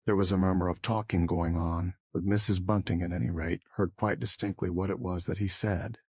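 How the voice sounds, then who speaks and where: A man narrating an audiobook in a steady, even manner on a close mic. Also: low voice, a little fast, husky, no room sound.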